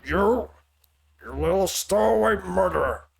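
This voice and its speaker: A man putting on a gruff, heavy-accented sailor. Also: on the high side, takes it slowly, voice pushed up, exaggerated voice. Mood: accusing. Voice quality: rolling heavy R sounds. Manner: loud, accusing barks. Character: rude burly male sailor with heavy foreign accent. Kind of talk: reading game dialogue aloud on stream.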